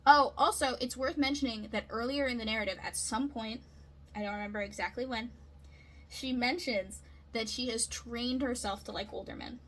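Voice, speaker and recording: A woman's voice: a little high, normal speed, a bit bright, slight background noise, low-quality recording. A woman talking through a literary analysis in a casual, chatty way, often checking in with "right?" and "okay?". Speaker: video essayist.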